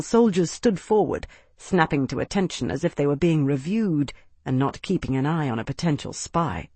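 Audiobook narrator, steady even delivery, mid-pitched voice, dry close sound with no room. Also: dry recording. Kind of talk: scripted narration.

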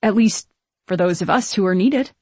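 Woman doing a calm, soothing male ghost. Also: mid-range voice, normal speed, breathy edge, dry recording, lightly acted. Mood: gentle. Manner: serious, soothing.

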